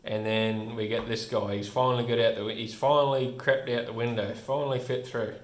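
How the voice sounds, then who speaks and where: A man's voice: medium pitch, fairly even intonation, brisk. A man casually reviewing a comic book, rambling with many restarts and frequent chuckles. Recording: roomy room echo.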